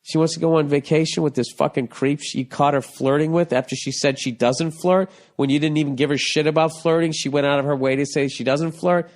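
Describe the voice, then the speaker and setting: Blunt, profane comedian ranting. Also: male voice, fairly high pitch, fairly even intonation, a little fast, few pauses, darkish tone. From United States. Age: 40s. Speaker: podcast host. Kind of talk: comedic podcast rant.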